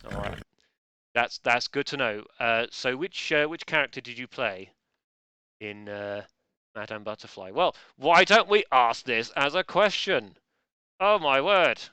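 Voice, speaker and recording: Hosting a casual live quiz, a man speaks unhurriedly in a mid-range voice that is bright and forceful yet smooth and crisp. Playful and chatty, he often breaks off for joking asides. The sound is close and dry, with no echo and little room.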